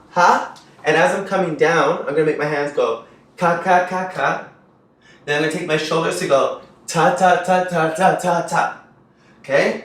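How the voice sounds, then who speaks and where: A man's voice: a little high, a bit bright. A young man teaching a dance routine, counting beats and scatting the rhythm in an upbeat way. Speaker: dance instructor. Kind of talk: dance tutorial instruction. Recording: very echoey room, voice from a distance.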